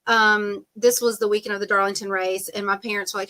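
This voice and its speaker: A woman's voice: mid-range voice, level tone, a little fast, sharp tone. A middle-aged woman telling her story as a podcast guest, chatty and rambling, with lots of "um" and "like" and frequent laughs. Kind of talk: casual storytelling interview.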